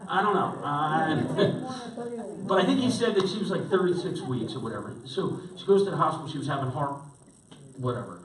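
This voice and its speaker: A middle-aged man, a pastor, preaching a sermon by telling a rambling personal story in an animated way, with many restarts. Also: fairly high pitch, moderate pace, a little hiss or hum. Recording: roomy sound picked up from a distance.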